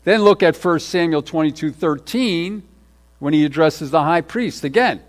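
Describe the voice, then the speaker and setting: A man with a fairly high voice delivers a sermon from the pulpit. He preaches emphatically, hammering repeated words and moving between loud, forceful stretches and quiet asides. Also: animated, unhurried. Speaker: pastor.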